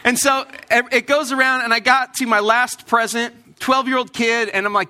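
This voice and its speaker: A man preaching a sermon in church, telling a lively personal story and acting out the voices of the people in it. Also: high voice, quick pace, few pauses. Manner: animated storytelling, acts out quoted voices. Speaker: pastor.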